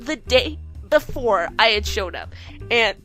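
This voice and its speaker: A woman game developer tells a story on her vlog, casual and animated, with an occasional swear. Her voice sits a little high and swings widely in pitch. Soft music plays faintly underneath. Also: takes it slowly. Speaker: game dev vlogger.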